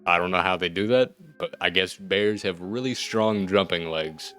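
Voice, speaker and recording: Low-voiced guy doing let's-play commentary, thinks out loud, dry little jokes, sometimes blurts out excitedly. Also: moderate pace, soft background music. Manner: thinks aloud, wry asides, sudden excited outbursts. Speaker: gaming video host.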